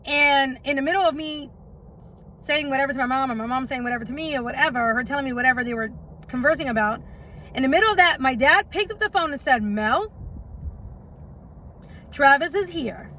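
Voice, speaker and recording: A woman with a high voice tells her own story in a loose, chatty way. She rambles and keeps checking in with her listener. Faint noise sits behind her. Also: quick pace, bright, forceful tone, low-quality recording. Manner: chatty and rambling, with frequent laughs and "right?" asides. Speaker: mother telling her story. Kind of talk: casual storytime vlog.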